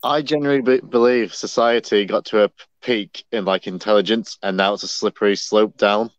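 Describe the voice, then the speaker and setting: A man with a somewhat low voice hosts a laid-back livestream, reading donations and asking short questions. The sound is dry and dull, with no room echo. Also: a little fast. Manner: relaxed, brief interjections and read-outs. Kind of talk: casual livestream chat. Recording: dull, dry lo-fi stream audio.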